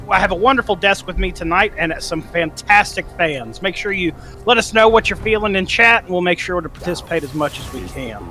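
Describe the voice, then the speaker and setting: Man, high voice, bright tone, esports desk host, upbeat, faint music behind. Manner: upbeat, hands off questions to the panel.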